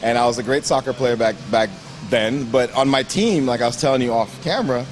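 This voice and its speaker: In a gym interview, a young Grenadian bodybuilder with a Grenadian accent tells his story in a lively way. His medium-pitched voice moves fairly quickly, and he acts out the voices of people he quotes, laughing often as an animated storyteller.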